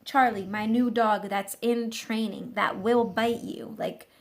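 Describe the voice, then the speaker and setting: Casual vlogger woman, somewhat high voice with gravelly fry, rambling and animated. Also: measured pace, noisy background. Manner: rambling, animated, full of fillers and restarts. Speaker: dog trainer. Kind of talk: casual storytelling vlog.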